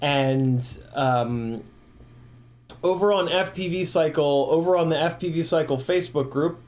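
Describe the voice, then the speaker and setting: Speaking at a measured pace in a somewhat high, slightly mellow voice, this FPV drone livestreamer in his forties chats casually while tipsy. He rambles, rants with profanity, and laughs often.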